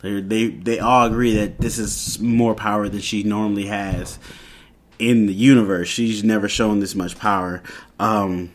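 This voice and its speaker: A man's voice: on the low side, fairly even intonation, unhurried. A man recapping a TV episode in a casual, rambling way, with lots of fillers and restarts. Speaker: TV reviewer.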